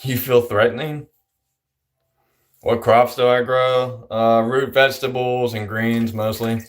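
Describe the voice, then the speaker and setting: A man's voice: mid-range voice, flat delivery, slow pace. Give me a man in a casual livestream, reading out viewer questions and answering them bluntly. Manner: offhand, blunt and crude, reads questions aloud. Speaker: farmer streaming to chat.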